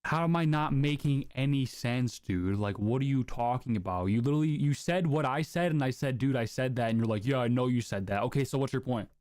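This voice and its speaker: A man streaming live, arguing in a combative, profane, quick-fire way. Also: mid-range voice, a little mellow, dry recording, clean studio sound. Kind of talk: heated casual argument.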